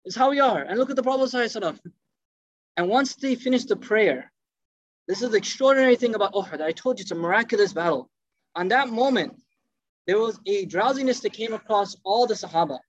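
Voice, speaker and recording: A man telling a story in a lively sermon, acting out the quoted speech and mixing in Arabic phrases. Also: high-pitched, fast, no room sound. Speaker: preacher. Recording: dull, dry lo-fi sound.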